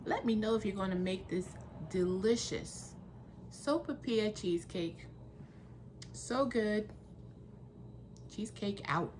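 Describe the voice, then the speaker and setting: Slow-talking chatty woman cooking vlogger. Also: medium pitch, background noise. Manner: chatty, laughs often, addresses viewers as guys. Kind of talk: casual cooking vlog.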